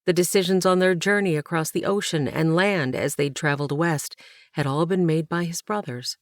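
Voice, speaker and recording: Low-voiced woman narrating an audiobook. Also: moderate pace, no room sound, clean studio sound. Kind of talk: scripted narration.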